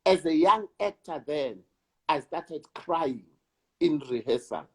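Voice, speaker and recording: Slow husky South African man. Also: on the high side, animated, darkish tone. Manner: slow, emphatic, repeats words for weight. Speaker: actor and director, interview guest. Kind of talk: reflective conversation.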